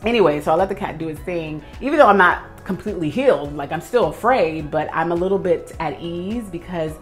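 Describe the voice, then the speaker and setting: Woman, young adult, low-pitched, lively storyteller, faint background music. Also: brisk. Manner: animated storytelling, acts out her own past reactions. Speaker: professional organizer. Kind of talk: storytime vlog while organizing.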